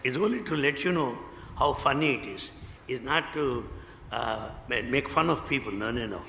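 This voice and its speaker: An older man with an Indian English accent telling devotional stories in a lively way, acting out what people said. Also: mid-range voice, moderate pace, creaky. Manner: animated storyteller, acts out quotes, laughs often. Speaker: spiritual speaker. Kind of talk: devotional talk with anecdotes. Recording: echoey hall, faint background noise.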